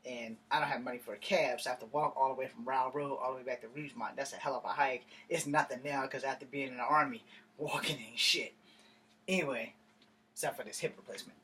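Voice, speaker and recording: A man's voice: medium pitch, steady tone, fast, bright, forceful tone. A man telling a story in a casual vlog rant, blunt and heavy on profanity. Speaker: vlogger. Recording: distant mic with faint ambient noise.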